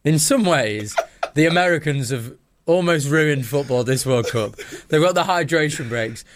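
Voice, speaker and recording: British bloke on a football podcast, emphatic, keeps repeating himself, slightly high voice. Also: male voice, expressive, moderate pace, background noise. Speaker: podcast co-host. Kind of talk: casual banter.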